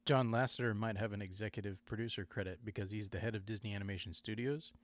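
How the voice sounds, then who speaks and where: A man's voice: lowish voice, fairly even intonation, quick pace. A man hosting a podcast in casual chat, rambling and digressing, often correcting himself mid-sentence. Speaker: podcast host.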